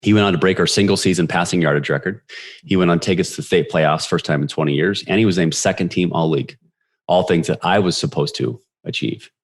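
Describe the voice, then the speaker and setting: Deep-voiced man in his forties telling stories. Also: fast talker. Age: 40s. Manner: energetic, animated retelling with quoted voices. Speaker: podcast guest. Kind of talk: storytelling interview.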